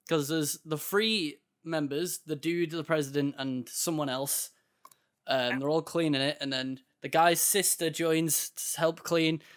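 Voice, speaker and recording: Casual young guy w a high voice, chill storytelling, chatty podcast host. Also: fairly bright tone, clear, resonant tone. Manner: laid-back storytelling, laughs often. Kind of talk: casual chat.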